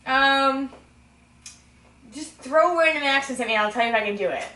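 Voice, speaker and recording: A woman with a high voice chats casually, giggling and rambling through her answers. She fills her talk with likes and ums. The recording is roomy and echoey, with her sitting a distance from the microphone. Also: normal speed, sharp tone. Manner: giggly, rambling, lots of fillers. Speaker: interviewee. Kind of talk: casual tipsy chat.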